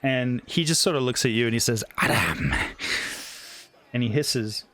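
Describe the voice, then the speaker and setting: A man narrating as game master of a tabletop game, in a slow, loose way with many fillers. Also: medium pitch, a bit bright.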